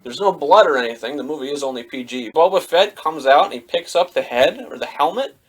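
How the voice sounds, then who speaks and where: A young man giving a casual spoken film review, rambling with lots of fillers and bursting into animated mimicry of the dialogue. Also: fairly high pitch, fairly quick, husky. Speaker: movie reviewer.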